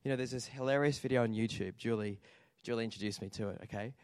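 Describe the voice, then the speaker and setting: A man preaching a lively sermon, telling stories and calling out to the congregation for responses. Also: medium pitch, fast, clean tone, dry recording, clean studio sound. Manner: animated storytelling with audience call-outs. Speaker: pastor.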